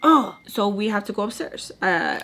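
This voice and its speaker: A woman's voice: mid-range voice, normal speed. Chatty young woman telling a story. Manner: animated retelling, acting out quotes with lots of "like". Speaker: storytime vlogger. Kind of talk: casual storytime while doing makeup.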